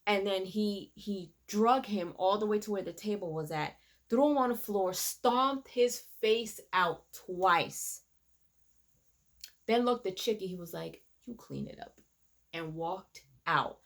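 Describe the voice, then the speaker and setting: A woman giving a casual, animated recap of a TV episode, quoting the characters as she retells it. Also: mid-range voice, slow. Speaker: reviewer.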